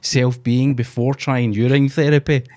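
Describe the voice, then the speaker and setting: A man's voice: mid-range voice, flat delivery, normal speed, a little mellow. A man co-hosting a podcast in casual chat, teasing with dry jokes. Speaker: podcast co-host.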